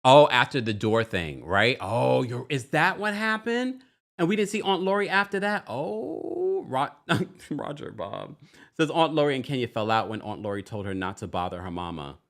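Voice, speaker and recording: A man's voice: mid-range voice, very animated, moderate pace, vocal fry, a bit bright. A man hosting a live stream, chatting casually and reading viewer comments aloud as he goes. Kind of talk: casual live recap chat.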